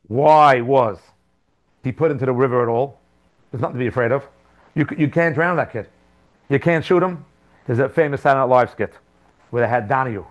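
A man teaching a casual Talmud class to students, telling stories with lively asides. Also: mid-range voice. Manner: animated storytelling with asides. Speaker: Torah teacher.

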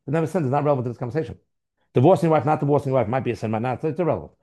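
A rapid-fire man lecturing a Torah class with a mid-range voice. He hammers points with rhetorical questions and repeated words. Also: mid-range voice, mellow. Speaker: teacher.

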